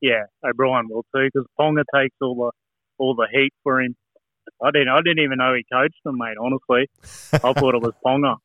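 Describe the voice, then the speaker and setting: A man's voice: mid-range voice, fairly even intonation, fairly quick, no room sound. A man from New Zealand co-hosting a casual sports podcast, chatty and blunt. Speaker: podcast co-host. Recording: dry, tinny phone-like line.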